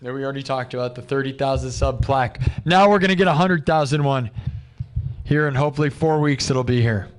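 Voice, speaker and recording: A worn-out man streaming from his home room, talking in a loose, rambling, candid way. His voice is mid-pitched and heavy with emotion. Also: a little fast. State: exhausted. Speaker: live streamer. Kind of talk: casual livestream chat.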